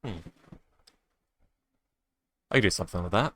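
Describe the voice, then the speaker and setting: A man's voice: sits low, expressive, moderate pace, bright, forceful tone. A man chatting casually as a tabletop game player, rambling and joking and often correcting himself. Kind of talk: casual chat between players.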